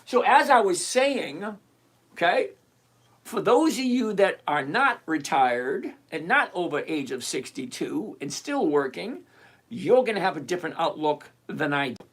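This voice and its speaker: A man's voice: a little high, very animated, a little slow, a bit bright, breathy edge. An older retired man hosting a live stream, chatting casually and emphatically as he answers viewers by name. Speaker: livestream host answering viewer questions.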